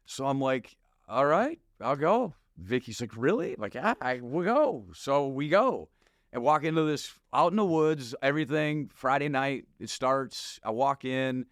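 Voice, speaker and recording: A middle-aged man shares a personal testimony in relaxed, animated conversation, slipping into the voice of his younger self as he tells it. His voice sits at an ordinary pitch for a man. It is recorded close and dry, with no room around it. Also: normal speed, no echo. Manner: animated storytelling, acts out his past self with slang. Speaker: pastor and podcast guest. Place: podcast studio.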